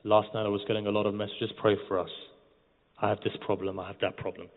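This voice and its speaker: A man's voice: fairly low pitch, little pitch movement, fast. A male preacher giving a mourning sermon, speaking directly to the congregation and guiding them through an imagined scene. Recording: tinny, phone-like sound with long hall reverb.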